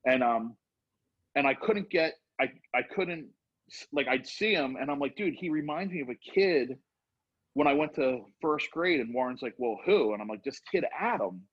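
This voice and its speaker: Middle-aged male storyteller, husky, rambling and animated, muffled lo-fi audio. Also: medium pitch, normal speed. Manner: rambling, animated, acts out quotes. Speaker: storyteller guest. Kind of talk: casual storytelling. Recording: dull lo-fi sound.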